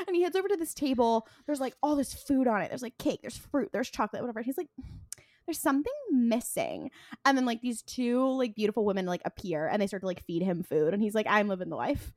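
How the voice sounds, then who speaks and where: A woman co-hosting a podcast, casually recapping an episode, retelling scenes with quick bits of quoted dialogue and frequent ums. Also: fairly high pitch, lively intonation, no room sound, studio quality. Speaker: podcast co-host.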